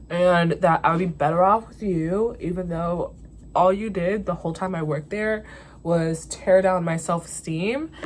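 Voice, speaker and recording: A woman's voice: lowish voice, a little hiss or hum. A young woman vlogger telling a story in casual chat, venting candidly and swearing freely.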